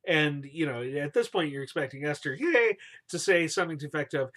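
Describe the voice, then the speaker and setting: A man's voice: on the high side, a little fast, fairly bright tone. A man retelling a scripture story casually and playfully, cheering and booing the names as he goes, in slangy speech.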